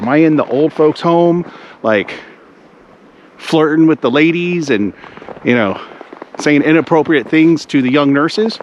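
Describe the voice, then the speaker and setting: In a muffled recording with a little hiss or hum, a man with a fairly high pitch vlogs as he strolls through a snowy winter cemetery outdoors. The travel vlogger rambles and thinks aloud, saying "like" constantly.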